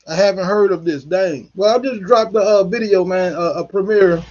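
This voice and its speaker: Husky high-voiced man ranting angrily. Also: normal speed, darkish tone, muffled recording. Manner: angry, profane ranting. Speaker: political commentary host. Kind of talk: heated solo commentary.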